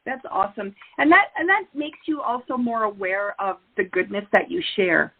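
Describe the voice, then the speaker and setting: A woman's voice: mid-range voice, normal speed, vocal fry, slightly rough. A woman hosting an interview, agreeable and encouraging toward her guest. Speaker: host. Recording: tinny phone-like line.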